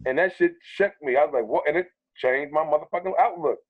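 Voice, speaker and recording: A man who is a comedian guest, telling stories in a casual interview, animated and profane, acting out what people said to him. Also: fairly high pitch, a little fast. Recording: tinny phone-like sound.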